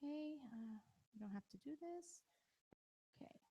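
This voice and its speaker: A woman with a high voice gives a live parenting talk in a large hall. Her words ring out with a long reverb tail. She keeps it conversational and teases audience members by name. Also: lively intonation, normal speed, mellow. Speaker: parenting workshop presenter.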